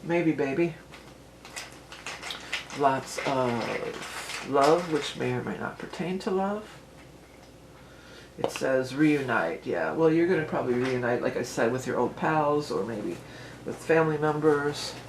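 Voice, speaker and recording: A woman's voice: low voice, noisy background. A woman giving a casual tarot reading at home. She talks in a chatty, rambling way and often wanders into asides. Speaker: tarot reader. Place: at home with a dog nearby.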